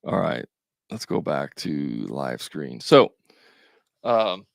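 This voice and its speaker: A man's voice: extremely low pitch, big pitch swings, slow, vocal fry, no echo, studio quality. A man coaching contractors in a casual livestream, talking straight to viewers with joking asides.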